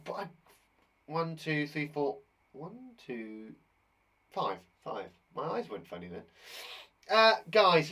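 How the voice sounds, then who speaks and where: A man's voice: high-pitched, fairly bright tone. A man who teaches and hosts a live children's quiz show, talking in an enthusiastic, jokey, chatty way.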